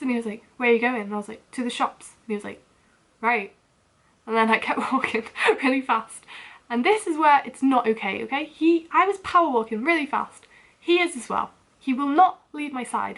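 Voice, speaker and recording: A young woman tells a story to her own camera in a loose, rambling rant. Her voice sits a little high, and nervous laughs keep slipping in. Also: a bit bright. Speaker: vlogger.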